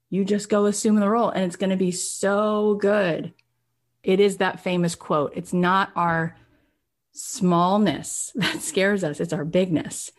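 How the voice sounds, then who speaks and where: A woman hosting a podcast, giving an emphatic, animated motivational talk and often checking in with her listeners. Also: medium pitch. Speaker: podcast host.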